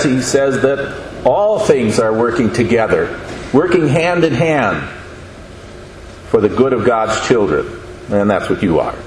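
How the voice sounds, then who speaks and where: A man giving a sermon, speaking slowly and deliberately and asking the listeners questions. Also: medium pitch. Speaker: preacher. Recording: echoey room with faint noise.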